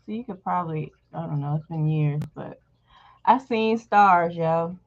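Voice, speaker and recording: A woman's voice: sits low, steady tone, moderate pace, gravelly, dark tone. A woman host casually telling a personal story to her viewers, candid and blunt, swearing freely. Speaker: channel host. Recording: dull lo-fi recording.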